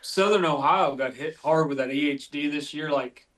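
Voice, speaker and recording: A man's voice: fairly high pitch, normal speed, background noise. A man from West Virginia, a podcast guest, telling tracking stories in a rambling way full of fillers. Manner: rambling, filler-heavy storytelling. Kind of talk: casual chat.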